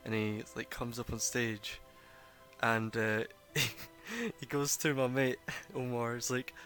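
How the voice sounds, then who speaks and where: A man's voice: mid-range voice, takes it slowly, a bit bright, soft background music. A man who runs a tabletop game, chatting casually during a break and telling a rambling story with plenty of swearing. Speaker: game master.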